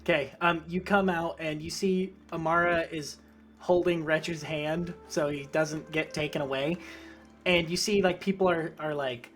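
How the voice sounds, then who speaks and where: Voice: medium pitch, fairly even intonation, a little slow, soft background music. A game master narrating a tabletop game casually, with many fillers.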